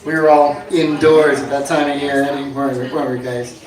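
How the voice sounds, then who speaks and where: A man with a high voice works through a stand-up set of dry one-liners, now and then shouting out a bit. He sounds set back from the mic, and the bar room around him echoes. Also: moderate pace, recorded from a distance. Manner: jokey deadpan one-liners, bursts into shouted bits. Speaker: stand-up comedian. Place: inn bar with live audience.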